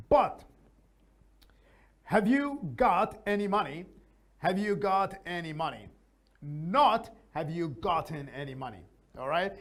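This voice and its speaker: A man's voice: high-pitched, fairly bright tone. A man teaching an English lesson in a chatty, casual way, often adding his own opinions. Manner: chatty, gives opinions, frequent fillers.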